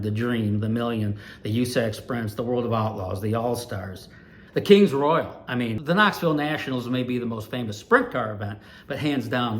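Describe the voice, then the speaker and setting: A man in his sixties from Ohio, an animated storyteller recalling his years as a race announcer. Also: mid-range voice. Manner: animated, lively storyteller with big swings in loudness. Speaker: retired dirt track race announcer, channel host.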